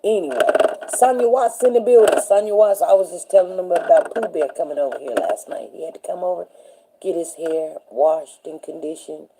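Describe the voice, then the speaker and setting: A woman's voice: lowish voice, brisk, background noise. A middle-aged woman hosting a casual live talk show, rambling through stories and often checking in with her viewers. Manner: rambling, storytelling, often asking "you know what I'm saying". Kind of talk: casual livestream chat.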